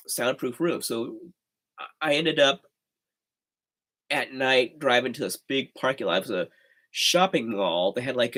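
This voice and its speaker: A man's voice: mid-range voice, fairly bright tone. A man hosting a livestream, talking casually in a rambling, chatty way with sighs and laughs. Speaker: host of a livestream.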